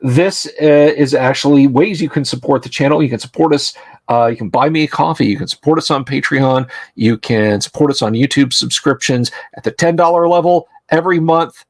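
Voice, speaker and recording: Give me a male game master on a livestream, easygoing and rambling, ordinary pitch. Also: fairly quick. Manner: chatty, loose, many fillers. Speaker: game master and stream host. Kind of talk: live-streamed tabletop game narration.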